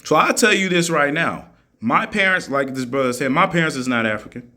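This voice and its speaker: Forceful, argumentative man. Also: fairly high pitch, animated, fairly quick. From United States. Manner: argumentative, mocking, repeats his points for emphasis. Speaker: vlogger answering critics. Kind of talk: heated monologue rant.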